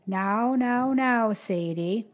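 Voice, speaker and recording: A woman voicing a calm middle-aged midwife who soothes and gives firm orders. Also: fairly high pitch, measured pace, voice pushed up. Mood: firm, soothing.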